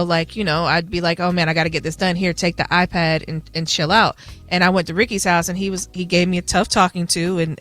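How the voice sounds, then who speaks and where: A woman's voice: fairly low pitch, a bit bright. Candid woman sharing parenting story. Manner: candid, chatty. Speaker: radio co-host. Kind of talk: casual chat.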